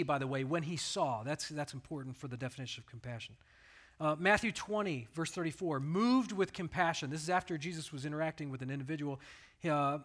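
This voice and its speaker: A middle-aged pastor giving a conversational sermon, telling stories in an earnest, plain way. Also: male voice, fairly high pitch, fairly bright tone.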